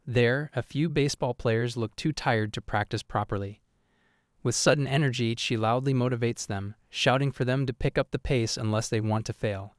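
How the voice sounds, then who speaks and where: A man narrates a story at a steady, even pace, in a voice of ordinary middle pitch. The sound is dry and close, with no room around it. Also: no echo.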